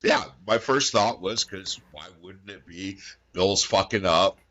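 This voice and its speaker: A man co-hosting a podcast in casual chat, talking bluntly with profane dark humor. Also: low-pitched, unhurried, lo-fi sound. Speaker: podcast co-host.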